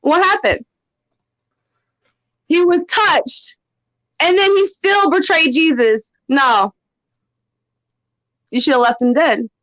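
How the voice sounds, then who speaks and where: Woman, podcast co-host, casual chat, animated, rhetorical questions, dry sound. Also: high voice, takes it slowly, pauses often, no echo, low-quality recording. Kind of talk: casual TV discussion.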